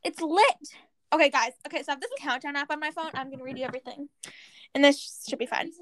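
A woman's voice: high-pitched, fairly even intonation, quick pace, fairly bright tone. A teenage girl chatting with friends, bubbly and eager, reading out countdown dates. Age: teens. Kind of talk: casual chat among friends.

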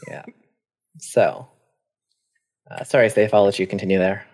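A man's voice: fairly low pitch, fairly even intonation, unhurried, a little mellow. A man hosting a live stream, chatting casually and thanking viewers with lots of fillers. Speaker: host of a live stream show.

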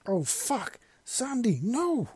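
Man playing a distraught soldier, pleading and strained, voice pitched high and sounding off-mic. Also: very animated, slow, a little mellow, husky, dry recording, full character voice. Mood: anguished. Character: grieving soldier yelling over his dying lover.

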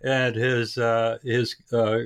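Slow, halting male podcast host. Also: medium pitch, flat delivery, clean tone. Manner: halting, laughs often, prompts the guest. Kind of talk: casual interview.

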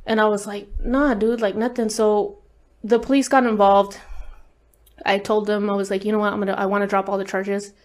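A woman's voice: medium pitch, little pitch movement, a little fast. Candid, swearing woman telling her story. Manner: candid, profane, lots of fillers. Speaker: interview guest. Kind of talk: casual storytelling.

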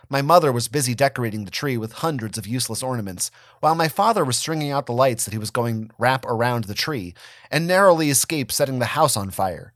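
A man giving a dramatic reading of a first-person story, expressive and wry. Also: mid-range voice, no room sound, studio quality. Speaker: reader of a fan story.

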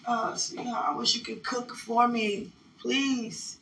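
Creaky-voiced woman talking softly to a loved one. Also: a little high, flat delivery, slow, heavy background noise. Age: adult with a son. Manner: soft, intimate, thinking aloud. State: emotional, close to tears. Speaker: podcast host. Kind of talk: personal monologue addressed to a loved one.

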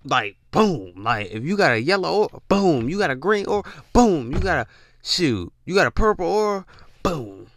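A man talking casually about spiritual matters in a preachy, animated way, drawling and repeating himself. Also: a little high, moderate pace, a little hiss or hum. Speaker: podcast host.

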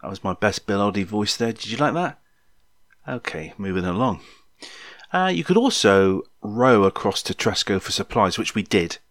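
A man's voice: fairly low pitch, expressive, moderate pace, a bit bright, no echo, studio quality. A man in his sixties, casually telling a memoir story in a rambling, jokey way, with many ums and asides to the listener. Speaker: podcast storyteller.

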